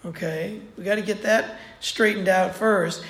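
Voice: medium pitch, steady tone, unhurried. A preacher giving a sermon in a conversational way, repeating points for emphasis. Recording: roomy echo.

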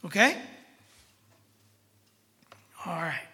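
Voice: mid-range voice, sing-song, very slow, sharp tone. A preacher teaching through a Bible passage in a conversational, emphatic way, often checking in with the listeners. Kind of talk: sermon, verse-by-verse Bible teaching. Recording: long hall reverb.

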